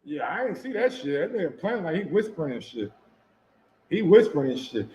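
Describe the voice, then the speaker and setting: His voice fairly high and mellow, with big pitch swings and a slightly fast pace, a man loosely comments on boxing footage as a sports commentator. He swears, repeats himself and quizzes his viewers, all in an echoey room.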